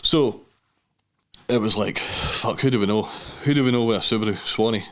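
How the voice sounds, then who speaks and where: A Scottish man with a low voice tells a story in easy podcast chat. He swears freely and slips into other people's voices to act out conversations. His delivery stays loose and lively. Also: a little fast. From Scotland. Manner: swears freely, animated storytelling with acted-out dialogue. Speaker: podcast guest.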